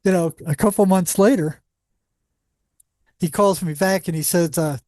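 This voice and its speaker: A man who worked as a psychologist on a psychiatric unit, telling animated anecdotes in a casual interview with lots of restarts. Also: high voice, moderate pace, dry recording, studio quality.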